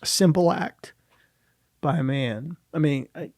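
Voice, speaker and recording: A man's voice: a little high, a little mellow, no room sound. Middle aged guy on a podcast telling a personal story, stops and restarts a lot, dry close mic. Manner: halting, searching for words, many restarts. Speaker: guest, motivational speaker.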